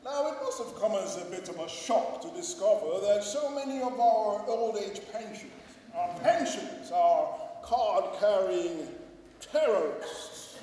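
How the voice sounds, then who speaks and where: A man's voice: sits high, expressive, measured pace, dark tone, a little hiss or hum. A man playing a pompous late-night news interviewer in a live comedy sketch, questioning with dry mock seriousness. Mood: probing. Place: large old church used as a cabaret venue. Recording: echoey church hall from far off.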